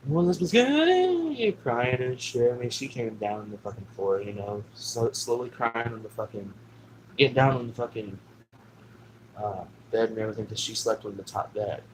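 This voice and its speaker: A man's voice: on the low side, fairly even intonation, normal speed, a little hiss or hum, rough recording. A man telling a personal story in a casual, rambling way, swearing often and filling gaps with "you know what I'm saying.". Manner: rambling, profane, with many fillers.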